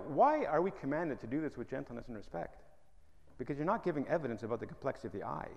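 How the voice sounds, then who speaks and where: A man with a gravelly, fry-edged voice preaches with emphatic humor. Long reverb from the hall trails his words. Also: mid-range voice. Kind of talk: sermon.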